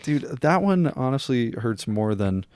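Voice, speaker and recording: Man, podcast co-host, middle pitch, incredulous casual banter, dry mic. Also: big pitch swings, measured pace, a little mellow, smooth, no room sound. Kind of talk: casual comedic chat.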